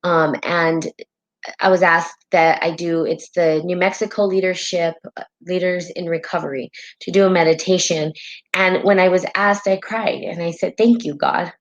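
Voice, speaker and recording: A woman's voice: on the low side, fairly even intonation, moderate pace, lo-fi sound. A woman hosting a spiritual live stream in casual talk, heartfelt and rambling, often tagging her sentences with "right?", and tearful at times.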